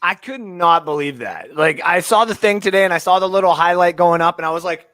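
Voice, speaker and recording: A Canadian man co-hosting a casual sports podcast, ranting excitedly and swinging from mutters to shouts. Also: a little high, fast, few pauses. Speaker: co-host.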